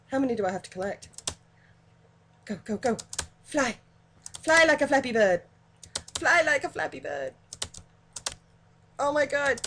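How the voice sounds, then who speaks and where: A woman giving excitable, giggly let's play commentary, cheerfully cursing at the game. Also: medium pitch, a little hiss or hum. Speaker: gaming channel host.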